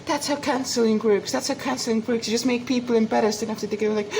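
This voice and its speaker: A woman's voice: fairly high pitch, quick pace, hardly any pauses, darkish tone, a little hiss or hum, rough recording. A young woman vlogging from home, rambling in a crude, repetitive way and swearing often. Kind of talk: rambling solo vlog.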